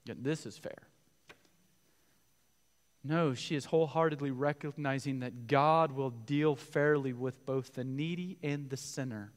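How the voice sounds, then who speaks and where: A man preaching a sermon as pastor, animated, acting out quoted voices with big swings from quiet to loud. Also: mid-range voice, normal speed, few pauses. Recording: reverberant hall.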